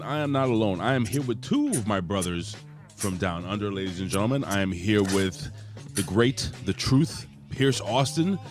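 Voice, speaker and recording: A man hosting a casual wrestling podcast, talking in a boisterous, hype-man way with plenty of swearing. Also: fairly low pitch. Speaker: podcast host.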